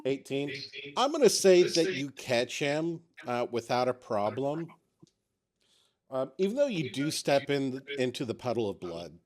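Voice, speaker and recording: Lively game master man. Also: mid-range voice, a little slow. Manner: playful, describing scenes and calling for rolls. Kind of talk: narrating a tabletop game.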